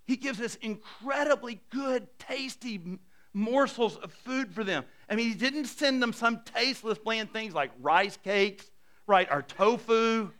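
A middle-aged man preaching a sermon as a pastor, animated and self-deprecating, swinging between hushed and loud. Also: high-pitched, measured pace.

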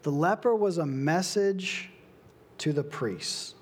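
A young adult man preaching a sermon, slow and emphatic, with dramatic pauses. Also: on the high side, animated, slightly rough. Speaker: pastor.

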